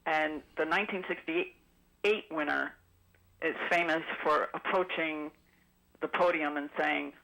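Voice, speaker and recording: A woman's voice: low voice, fairly even intonation, a little slow, creaky, bright, forceful tone, low-quality recording. A woman calling in to a radio show, chatting at length about trivia with frequent ums. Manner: chatty, rambling trivia recall with many ums. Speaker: caller. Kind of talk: call-in radio chat.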